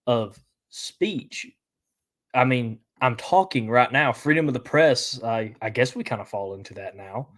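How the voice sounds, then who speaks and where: A young man, stuffy from allergies, hosting a solo podcast in a halting, stop-and-start way. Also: medium pitch. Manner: halting, many restarts and fillers. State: congested from allergies. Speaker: podcast host. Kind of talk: casual solo podcast commentary.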